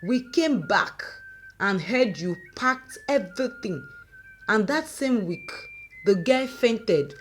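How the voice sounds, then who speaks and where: A woman voicing a furious, grieving middle-aged mother who shouts and scolds with sharp exclamations. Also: fairly high pitch, animated, takes it slowly, faint music behind.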